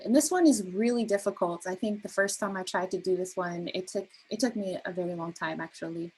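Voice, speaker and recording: Woman teaching spoken word, breathy-ish voice, lots of ums, easygoing. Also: medium pitch, a little fast, hardly any pauses, rough recording. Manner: gentle, many ums and restarts. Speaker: workshop facilitator.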